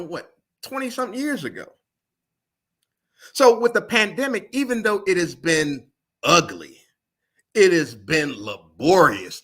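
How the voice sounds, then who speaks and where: A man's voice: high voice, pushed and bright, breathy edge. A middle-aged man, a jazz musician, giving earnest, motivational interview answers and often asking "right?". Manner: motivational, earnest, sprinkles "right?" and "you know".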